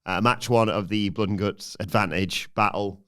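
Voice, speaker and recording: Male podcast co-host, low and smooth, brisk match recap. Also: fairly even intonation, a bit bright. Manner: brisk play-by-play recounting with frequent "uh" fillers.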